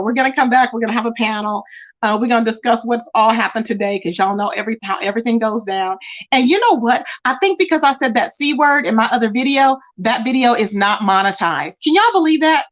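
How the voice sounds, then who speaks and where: Woman, streamer host, casual and chatty, reads viewer comments aloud, voice on the high side. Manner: chatty, greets viewers with terms like baby and child. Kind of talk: casual live-stream chat reading comments.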